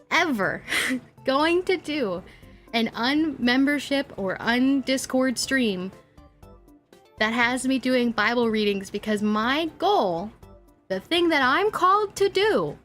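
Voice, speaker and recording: A young woman talks casually to her live-stream chat, her voice sitting a little high. She rants with animated energy, laughing often and scattering likes and ums through her sentences. Faint music plays underneath.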